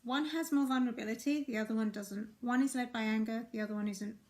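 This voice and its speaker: A middle-aged woman, a relationship and life coach, talking viewers through feelings in a gentle, reassuring way that keeps checking in with them. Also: on the high side, steady tone, quick pace.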